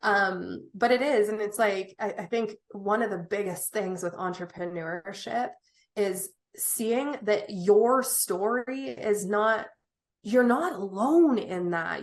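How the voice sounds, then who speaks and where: A woman's voice: medium pitch, slow pace. Emphatic motivational woman on a podcast. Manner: emphatic, motivational, swears casually. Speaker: guest, event organizer. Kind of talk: casual podcast interview.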